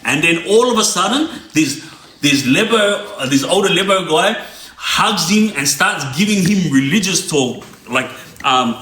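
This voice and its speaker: A man tells a street story in a loose, rambling way, checking in with the listener every few lines. His voice sits a little high and sounds bright and forceful. The room around him is echoey. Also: lively intonation, a little slow, a little hiss or hum. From Australia. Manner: rambling, checks in with a constant "yeah?". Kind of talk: casual crime storytelling.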